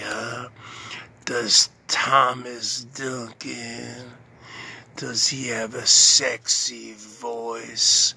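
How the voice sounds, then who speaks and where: A man speaks very slowly in a gravelly, husky voice with a bright, tense edge. He hosts his own channel and taunts a viewer in a boastful monologue, slipping into breathy whispers now and then. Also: medium pitch. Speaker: channel host.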